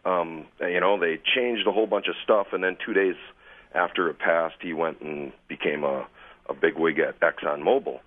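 A man's voice: sits low, fairly even intonation, normal speed. A man calling into a radio talk show, rambling indignantly with many fillers. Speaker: caller. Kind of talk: call-in comment. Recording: tinny phone line.

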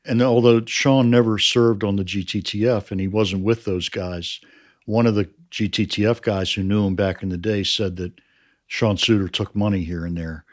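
A man who helped make a crime series, answering interview questions in a measured, explanatory way that often trails off quietly. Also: lowish voice, fairly even intonation.

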